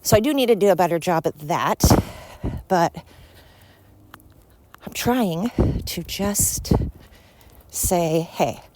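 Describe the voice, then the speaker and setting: A Swedish woman with a fairly low, slightly mellow voice hosts a podcast on her own. Her casual solo monologue is blunt, opinionated and rambling.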